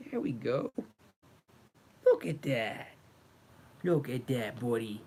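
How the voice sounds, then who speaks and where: A man's voice: mid-range voice, sing-song, slow, long pauses, dark tone. A young man hosting a casual livestream, coaxing and fussing over his cat in an affectionate voice. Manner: coaxing, affectionate pet talk. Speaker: livestream host.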